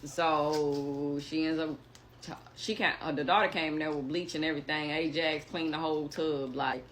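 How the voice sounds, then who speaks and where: A young woman telling a story in casual chat, animated and acting out what others said. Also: low voice, normal speed, a little hiss or hum. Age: young adult.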